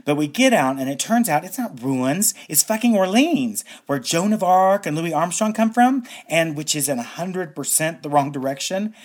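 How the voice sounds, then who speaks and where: A man's voice: fairly high pitch, lively intonation, moderate pace, few pauses. An actor in a radio drama playing a naive young man who rambles through his story in a chatty, storytelling way. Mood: rambling.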